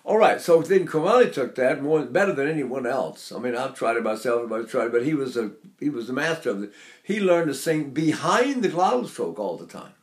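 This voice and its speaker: A man's voice: mid-range voice, sing-song, a little fast. An older man teaching singing, talking in a rambling, anecdotal way and breaking off to demonstrate sounds. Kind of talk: spoken singing lesson.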